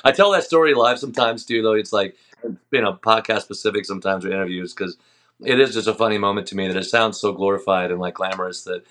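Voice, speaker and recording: A man's voice: lowish voice, quick pace. A middle-aged man, a band's singer, chatting casually as an interview guest and telling stories with easy laughs. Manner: relaxed storytelling, laughs easily. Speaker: band vocalist, guest.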